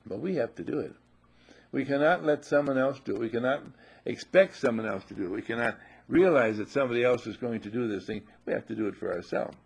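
An older man giving a sermon as a spiritual teacher, emphatic and animated, repeating his phrases and sometimes shouting. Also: mid-range voice, fast, creaky, slightly rough.

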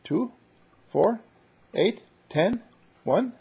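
A man's voice: sits high, animated, drawn-out words, vocal fry, dark tone, husky. A man leading a casual group conversation, rambling and playful, with many fillers and restarts. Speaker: seminar leader. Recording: dull lo-fi recording.

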